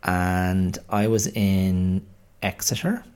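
A man's voice: low-pitched, fairly even intonation, drawn-out words, darkish tone, clean tone. A man in his forties, hosting a podcast in a rambling, self-deprecating, chatty monologue. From Ireland. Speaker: podcast host. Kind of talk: casual monologue.

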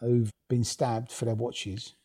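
A man's voice: mid-range voice, little pitch movement, slow, dark tone, slightly rough. A man, telling blunt, swear-filled stories as an interview guest, laughing as he goes. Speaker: guest, former rave promoter. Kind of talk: casual storytelling interview.

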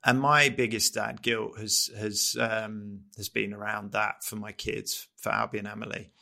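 A middle-aged man co-hosting a podcast, his voice bright and edged with a gravelly fry. He speaks in a flat, steady tone. His talk is earnest and halting, full of restarts as he reflects. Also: fairly low pitch. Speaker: podcast co-host.

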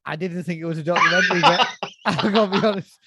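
High-voiced man, amused and incredulous. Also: fast, very noisy. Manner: laughing, incredulous. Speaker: podcast co-host. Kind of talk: casual chat reviewing a film.

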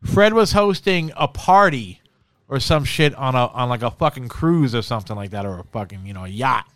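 A man's voice: mid-range voice, lively intonation, fairly quick, fairly bright tone, no room sound. A man co-hosting a podcast in casual, profane chat, saying bro a lot. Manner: swears constantly, says bro a lot. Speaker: podcast co-host.

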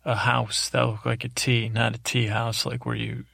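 A man's voice: medium pitch, flat delivery, normal speed, creaky, pushed and bright, husky, no room sound. A man hosting a podcast, telling a meandering bedtime story in a droning, self-interrupting way that is meant to help listeners fall asleep, close to the microphone. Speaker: podcast host. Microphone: close studio microphone.

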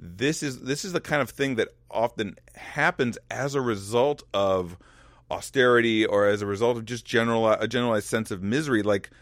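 A man hosting a casual conversation, asking questions and thinking aloud with halting restarts. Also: mid-range voice, dry recording, studio quality. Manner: thoughtful, halting, many restarts.

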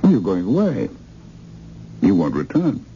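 A man's voice: low voice, wildly swooping pitch, measured pace, dark tone, slight background noise, heavily acted. An actor playing an anxious male government man, urgent and agitated, in a 1970s radio drama. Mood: grim. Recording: dull lo-fi radio recording.

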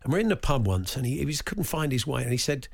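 A man's voice: mid-range voice, sing-song, fast, gravelly. A man co-hosting a radio show, bantering casually and telling stories with playful put-on voices.

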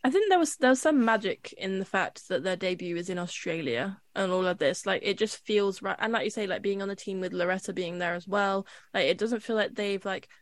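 Woman co-host, mid-pitched, rambling with fillers, dry recording. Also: a little fast, hardly any pauses, dry recording. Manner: talks in long runs with many fillers. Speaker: podcast co-host. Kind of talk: casual podcast chat.

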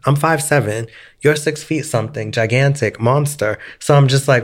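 A man's voice: mid-range voice, normal speed. Young man telling a dramatic story. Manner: dramatic, profane, acts out quoted voices. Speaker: podcast co-host. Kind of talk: casual storytelling chat.

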